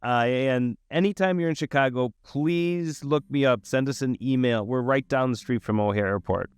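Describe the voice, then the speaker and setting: A man's voice: medium pitch, normal speed, clean tone, dry recording, clean studio sound. A man hosting a podcast, chatting in an enthusiastic, affirming and thankful way. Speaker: podcast host. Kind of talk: casual interview chat.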